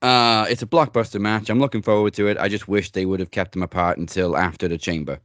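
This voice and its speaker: Deep-voiced man in opinionated podcast chat. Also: steady tone, fast, fairly bright tone, dry recording. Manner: opinionated, swears casually. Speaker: host. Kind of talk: casual wrestling news chat.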